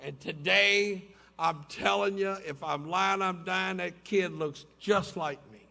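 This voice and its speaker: A man's voice: high-pitched, steady tone, takes it slowly, creaky, bright, forceful tone. A middle-aged man, telling his story to a recovery meeting in folksy style with laughing asides, in a hotel conference room. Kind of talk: personal testimony talk.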